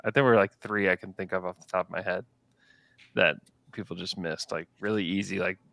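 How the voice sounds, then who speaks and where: A man's voice: deep voice, steady tone, fairly quick, creaky, a bit bright, dry recording. A man co-hosting a casual sports podcast, talking in a rambling, laid-back way with lots of fillers. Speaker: podcast co-host.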